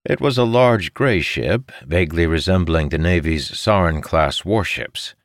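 A man narrating a fantasy audiobook in an expressive storytelling manner. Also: sits low, measured pace, dry recording, studio quality.

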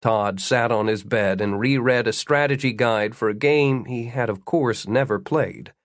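A man's voice: mid-range voice, a little slow, no echo. Male audiobook narrator, dry close sound. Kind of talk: scripted narration.

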